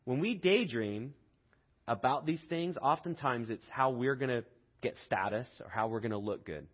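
A man's voice: medium pitch, expressive, moderate pace, slightly rough, highs cut off. A man preaching a sermon as pastor, telling the story conversationally and asking the listeners questions.

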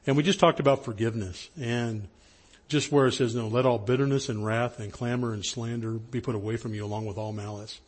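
Middle aged pastor guy, kinda husky, just chatting thru a story sermon, does little voices for people. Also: steady tone, a little fast. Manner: conversational storytelling, acts out dialogue with rising pitch.

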